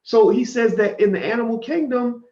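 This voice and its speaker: A man delivering a fiery, preachy monologue to viewers, swinging from loud outbursts to low asides. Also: normal speed. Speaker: commentator on a live stream. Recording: roomy, dull lo-fi stream audio.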